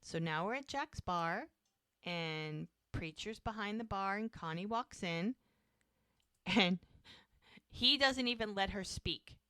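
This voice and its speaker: A woman co-hosting a podcast, casually recapping a TV episode with animated retelling. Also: mid-range voice, slow pace, clean tone, no echo, studio quality. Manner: animated retelling, acting out characters' lines. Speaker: podcast co-host.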